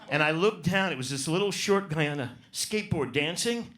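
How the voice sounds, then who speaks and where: Brash high-pitched comedian on stage. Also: male voice, very animated, moderate pace, a bit bright. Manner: profane, brash, riffs on audience. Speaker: stand-up comedian. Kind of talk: stand-up set, crowd work.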